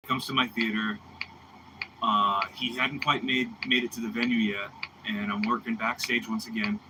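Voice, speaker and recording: A man in his thirties, a bassist, telling backstage stories in a rambling, animated way, full of "dude" and "man.". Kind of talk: casual chat. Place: studio room. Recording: clearly noisy background with ticking.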